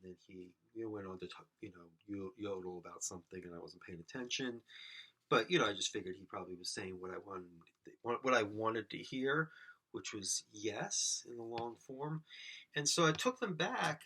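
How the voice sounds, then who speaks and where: Bright-voiced man rambling silly monologue. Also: fairly low pitch, moderate pace. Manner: absurd, self-mocking, talks to imagined audience. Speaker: podcast host.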